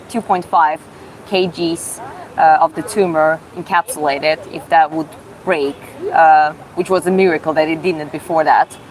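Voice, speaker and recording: Lowish-voiced Georgian woman live-streaming. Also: low-quality recording. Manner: reads chat questions aloud, then answers in halting self-taught English. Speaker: livestreamer answering chat questions. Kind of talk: casual live Q&A chat.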